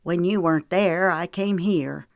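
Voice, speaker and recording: An uneasy man who delivers his words hesitantly, as a woman narrator reads him in a storybook. The voice sits a little low for a woman. It is dry and close, with no room sound. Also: measured pace, dry recording. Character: uneasy grown man bringing news.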